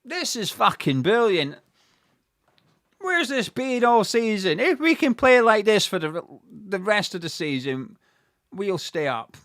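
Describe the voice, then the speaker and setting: A man giving live fan commentary on a football match, excitable and swearing freely, bursting into shouts at big moments. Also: high-pitched, unhurried, no echo, clean studio sound.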